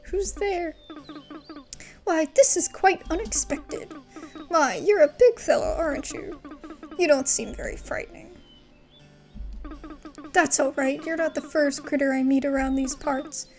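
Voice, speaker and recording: A woman voicing a gentle, folksy old grandmother in a video game, reading the dialogue aloud. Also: high-pitched, unhurried, long pauses. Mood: kindly. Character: kindly old grandmother, keeper of the woods.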